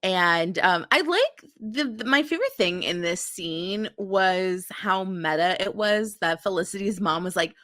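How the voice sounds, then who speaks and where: A woman's voice: medium pitch, expressive, unhurried, hardly any pauses, sharp tone, no echo, clean studio sound. A woman co-hosting a podcast, giving wry, opinionated commentary in a casual chat about a TV episode. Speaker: podcast co-host.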